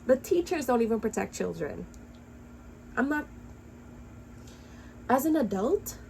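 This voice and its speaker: Woman ranting mad on a commentary vid, cussing, kinda average pitch. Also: vocal fry, darkish tone, slight background noise, poor audio. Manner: angry, impassioned ranting; blunt, profane. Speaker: commentary vlogger. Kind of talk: heated reaction commentary.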